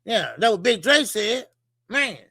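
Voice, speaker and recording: 남자 복싱 진행자, 높고 거친 목소리, 건조한 녹음. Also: male voice, high voice, measured pace, husky, no room sound, clean studio sound. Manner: animated, profane, rambling rant. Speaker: boxing show host. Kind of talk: casual boxing commentary.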